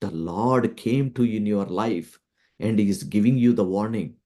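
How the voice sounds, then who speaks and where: A man giving a spiritual talk as a teacher, telling a story with many fillers and repeating key lines slowly for emphasis. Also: lowish voice, dark tone. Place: Florida, near the listener's town.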